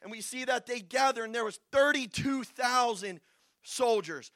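A young man preaching a sermon, telling Bible stories with acted-out voices and building to shouts. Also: very high voice, moderate pace, no room sound. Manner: storytelling, acting out Bible figures, builds to shouting.

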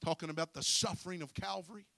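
Gravelly high-voiced preacher man, dry sound. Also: steady tone, fast talker, no echo. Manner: swings from low storytelling to shouted preaching; folksy, with "uh" breaks between shouted phrases. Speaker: pastor. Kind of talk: sermon.

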